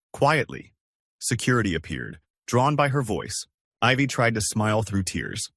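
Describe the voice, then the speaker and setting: A man narrating dramatic relationship stories in a scripted storytelling style, switching to a higher pitch for the women's lines. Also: animated, normal speed, fairly bright tone, no echo, clean studio sound.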